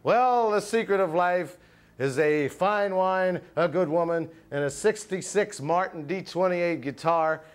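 A man voicing a wise talking magic crystal in a puppet show, slow and grand. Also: high-pitched, smooth.

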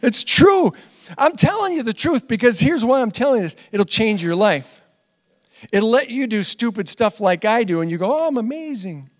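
High-voiced pastor preaching in a reverberant hall. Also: male voice, animated, normal speed. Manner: conversational and earnest, with laughs and repeated phrases; swings from loud emphatic lines to quiet asides. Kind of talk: sermon. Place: church hall.

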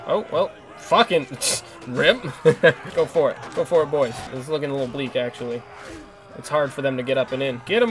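A young man commentating his own gameplay, swearing freely and yelling at enemies. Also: medium pitch, a little hiss or hum. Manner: excitable, swears a lot, yells at enemies. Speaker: gaming channel host. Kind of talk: let's play commentary.

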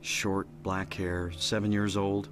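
An actor playing a grave adult man in a video game who is asking after a lost girl, speaking in a low, measured way. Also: little pitch movement. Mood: earnest. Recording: noisy game audio.

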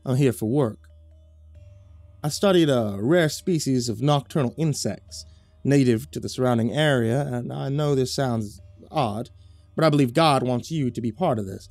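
A man doing a smooth-talking southern gentleman. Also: mid-range voice, normal speed, no echo, soft background music, close to an everyday voice. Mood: earnest. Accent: put-on Southern US drawl. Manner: earnest, pious, flattering.

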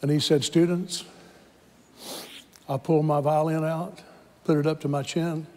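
A man's voice: fairly high pitch, little pitch movement, measured pace, a little mellow, in a large hall. A man preaching a sermon, telling a story dramatically and acting out the voices in it. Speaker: pastor. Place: church sanctuary.

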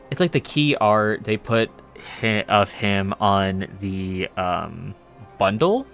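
A man hosting a livestream alone, chatting casually, animated and swearing. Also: lowish voice. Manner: animated, swears, laughs often. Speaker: streamer host.

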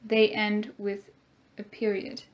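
A woman teaching a grammar lesson, speaking slowly and clearly and having the class repeat words after her. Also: medium pitch, monotone, muffled recording. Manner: slow, clear teacher talk with call-and-repeat drills.

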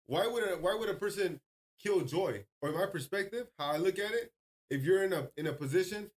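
High-voiced man telling animated stories. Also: fairly quick. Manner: animated storyteller, swears freely, acts out a yelling relative. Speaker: podcast co-host. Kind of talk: casual chat.

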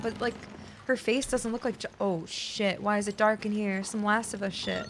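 A woman's voice: mid-range voice, moderate pace, a little hiss or hum. A woman streaming a video game, chatting casually with her viewers, laughing and swearing as her voice gives out. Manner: chatty, laughs a lot, swears, talks to chat. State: losing her voice. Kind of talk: casual live-stream commentary.

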